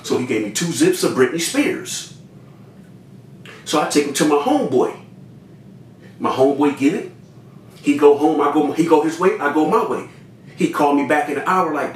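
A man telling a story in an animated way, addressing his listeners directly and acting out other people's lines. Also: moderate pace, long pauses. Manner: talks straight to listeners, repeats cues to remember; acts out other people's lines with big pitch jumps. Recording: roomy sound from a distant mic with faint noise.

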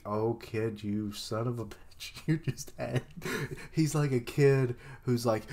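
A man giving casual live reaction commentary, excitable and swearing freely. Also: mid-range voice, takes it slowly. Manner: excitable, swears freely, laughs and voices characters.

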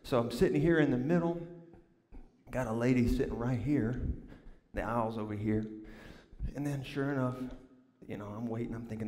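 A man preaching a sermon, telling a funny story with lively emphasis and calling the congregation y'all. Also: mid-range voice, normal speed. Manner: animated, drawling, addresses congregation as y'all. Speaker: pastor. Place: large church sanctuary. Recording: long hall reverb.

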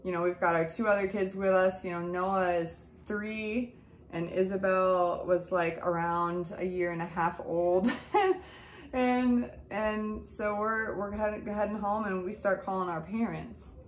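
A woman in her thirties, a mother, telling her family's story in a casual, animated way and acting out the dialogue. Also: medium pitch, measured pace, roomy sound, a little hiss or hum. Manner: emotional, animated retelling with quoted dialogue.

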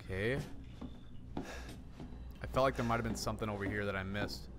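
A young man streaming a horror game, talking to his chat in an excitable, jumpy way with lots of swearing. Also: lowish voice, normal speed, background noise. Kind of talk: live gameplay commentary. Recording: voice over game music. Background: game music.

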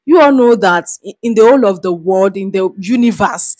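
A woman's voice: medium pitch, animated, a little fast, a little mellow, husky. A Nigerian woman hosting her own channel, chatting casually with frequent restarts and giggles. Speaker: reaction vlogger. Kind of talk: casual reaction commentary.

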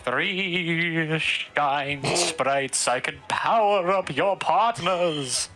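A man's voice: on the high side, sharp tone, soft background music, voice pushed up, full character voice. Man doing a grand old magician. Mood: mystical. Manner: theatrical, mystical, slow.

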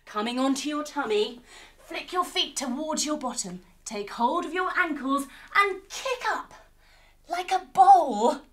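Playful high-voiced woman leading kids' yoga. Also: a little slow, slight background noise. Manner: playful, animated, with sound effects. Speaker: kids' yoga instructor and storyteller. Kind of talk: guided yoga story for children.

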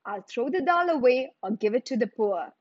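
A woman voicing a proud, stubborn male cook who speaks calmly and bluntly in a storybook reading. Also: a little high, normal speed, no echo, highs cut off, voice pushed up. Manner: calm and blunt.

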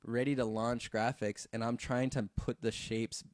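A man's voice: medium pitch, normal speed, no echo. A man, a visual effects artist, telling a story in a casual podcast chat, full of fillers and swearing. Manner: relaxed, filler-heavy, swears freely.

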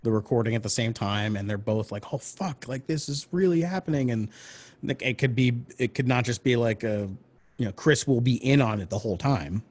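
A man's voice: lowish voice, brisk, darkish tone. A man in casual brainstorming chat about script notes, rambling with lots of fillers and acting out character lines. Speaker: screenwriter discussing script notes.

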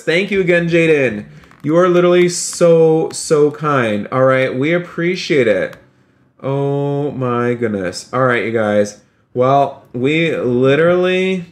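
Effusive, upbeat male game streamer. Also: normal speed. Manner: effusive, thanking chat members by name; chatty, upbeat, excitable with sudden high exclamations. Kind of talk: live game-stream commentary.

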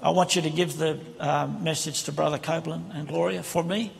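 A man's voice: fairly high pitch, fairly even intonation, a little fast, gravelly. A man preaching a sermon from the pulpit, with impassioned, conversational preaching on a handheld microphone. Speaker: guest preacher. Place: large church sanctuary. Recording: reverberant church hall with congregation.

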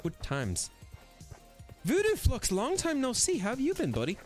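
A man's voice: extremely high pitch, huge pitch swings, moderate pace, faint music behind. A man live-streaming a VR shooter, bantering with his chat in a crude, playful way. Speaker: game streamer.

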